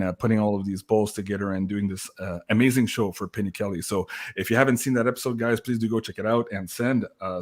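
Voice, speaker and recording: Male host, low voice, emotional and halting, thanks his team. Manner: emotional, grateful, halting with many uh fillers. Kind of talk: livestream talk.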